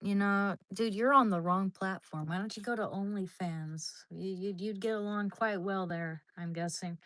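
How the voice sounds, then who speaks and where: Streaming live from her kitchen, a woman rambles casually with viewers, often trailing off and starting over, and coos baby talk to her dog. Her voice is medium in pitch and fairly bright, at a moderate pace with no echo.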